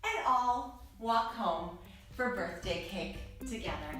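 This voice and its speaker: A woman, a kids' yoga teacher, telling a story to children in a playful way, greeting the listener with bright rising calls. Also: fairly high pitch, expressive, slow, faint music behind. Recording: roomy echo from far off.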